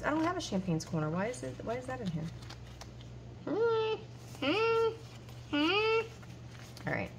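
A woman's voice: on the low side, a little hiss or hum. Chatty woman counting cash aloud. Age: 40s. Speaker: budgeting vlogger. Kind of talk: casual chat while counting cash.

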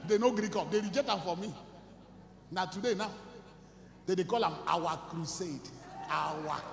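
A man with a Nigerian accent, an evangelist preaching a sermon and telling his own story, moving between shouting and quiet storytelling. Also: high voice, moderate pace, vocal fry, echoey room, big-room sound, a little hiss or hum. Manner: shifts between shouting, storytelling and singing, mixing Pidgin and Igbo. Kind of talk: sermon with testimony and sung worship.

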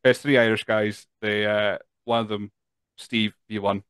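A man's voice: on the low side, flat delivery, unhurried, fairly bright tone, smooth, no room sound. A Scottish man hosting a podcast, chatty and tired, reading out listener questions with lots of fillers. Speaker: podcast host. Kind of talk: casual chat.

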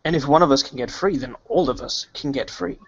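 A man playing a tabletop game online, talking in character in a persuasive, flattering way. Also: mid-range voice, a little fast, slightly rough, dry recording, highs cut off. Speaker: player.

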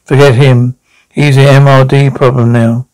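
A man's voice: medium pitch, flat delivery, normal speed, darkish tone, close to an everyday voice, rough recording. A man voicing an agitated, suspicious townsman in a fan audio drama reading, accusing. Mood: hostile.

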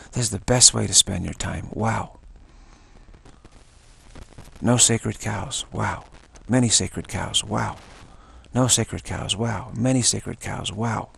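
Gravelly low-voiced man leading a practice. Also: a bit bright, no echo. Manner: repetitive, chanting the same word between phrases. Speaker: meditation teacher. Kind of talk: guided spoken practice.

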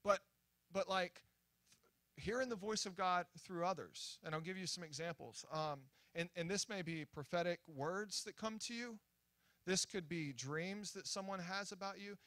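A young man preaching at a church, telling a story in an animated, excitable way with many restarts and acted-out quotes. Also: high voice, moderate pace, no echo. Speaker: guest preacher. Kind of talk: sermon storytelling. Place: church sanctuary.

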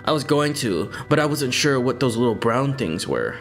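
A man's voice: mid-range voice, sing-song, moderate pace, soft background music. A man reading the lines of a nervous, nerdy young man in a game, hesitant and anxious.

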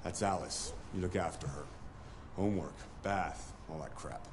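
A gruff, bullying dad. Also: male voice, low-pitched, normal speed. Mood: angry, bossy. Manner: gruff, curses, barks orders. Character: bullying middle-aged man, short-tempered father. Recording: game audio with background noise.

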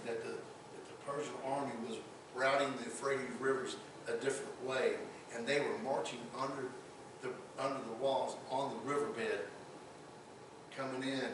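Captured on a distant mic in an echoey church sanctuary, with noisy background, a male pastor delivers his sermon at medium pitch, a moderate pace, and fairly even intonation. He's emphatic and frequently repeats words to build toward his point.

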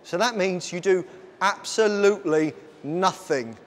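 A man presenting a live science show on stage, energetically bossing volunteers around and shouting instructions. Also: sits high, a little slow. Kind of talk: lively live science demonstration.

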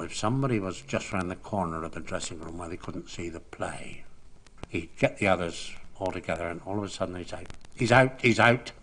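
A man in his sixties, a cricket broadcaster, telling anecdotes in an unhurried, gently amused way and relishing quoting other people. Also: sits low, husky. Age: 60s. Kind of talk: anecdotal storytelling.

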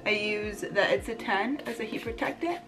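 A young woman chatting excitedly in a casual home beauty vlog, gushing and bubbly. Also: medium pitch, normal speed, over music. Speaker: beauty vlogger.

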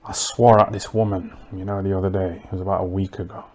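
A man doing a rambling comic monologue, deadpan and crude, mocking people and tacking "innit" and "you know what I mean" onto his lines. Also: deep voice, quick pace. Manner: deadpan, crude and mocking, full of tag questions. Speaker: comedic livestream host.

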